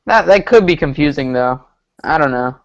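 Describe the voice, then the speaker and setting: A man's voice: a little high, expressive, normal speed, muffled recording. A man co-hosting a casual TV recap chat, earnest and a bit hesitant as he explains. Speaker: podcast co-host.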